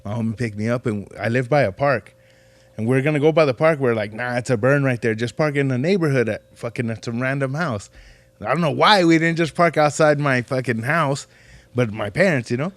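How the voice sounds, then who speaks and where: A man's voice: medium pitch, a little fast, dry recording. A man hosts a podcast and tells his own story in loose, profane slang, calling people "dog" and "fool." His voice sits in the middle range and sounds dry and close to the mic. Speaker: podcast host. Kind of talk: casual storytelling.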